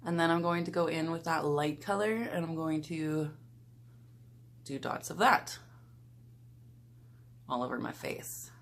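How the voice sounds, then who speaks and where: A young woman talks her viewers through a get-ready-with-me makeup routine in a relaxed, chatty way. Her voice sits a little low and she takes her time between phrases. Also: measured pace, gravelly, pauses often. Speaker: beauty vlogger. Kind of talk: casual get-ready-with-me talk.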